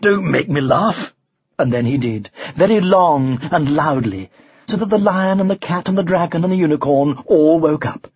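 A man narrating a children's story as an audiobook, in an expressive, animated telling. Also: fairly high pitch, moderate pace, breathy edge, dry recording, highs cut off.

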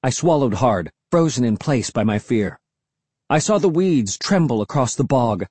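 An audiobook narrator giving a dramatic, expressive first-person reading. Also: medium pitch, moderate pace, breathy edge, dry recording.

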